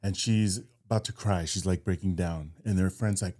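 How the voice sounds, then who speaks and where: A man co-hosting a podcast in casual chat, easygoing and profane, quick to laugh. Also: low-pitched, fairly even intonation, a little mellow. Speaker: podcast co-host.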